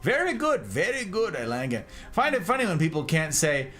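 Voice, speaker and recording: A man's voice: on the high side, very animated, normal speed, pushed and bright, soft background music. A man streaming a game, chatting casually and teasing his viewers with playful, repetitive banter. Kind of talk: casual live-stream commentary reading chat.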